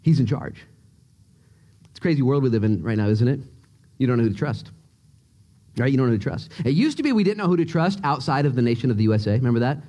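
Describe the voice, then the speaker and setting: A male pastor preaching a sermon in a church, joking and excitable as he tells stories. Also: medium pitch, quick pace, long pauses. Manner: animated, joking, excitable storyteller. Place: church sanctuary.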